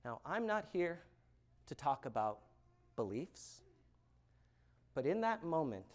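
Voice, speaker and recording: A man giving a keynote talk, telling a personal story with dramatic pauses and swings from loud emphasis to hushed words. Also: a little high, big pitch swings. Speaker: keynote speaker. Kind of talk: storytelling speech to an audience.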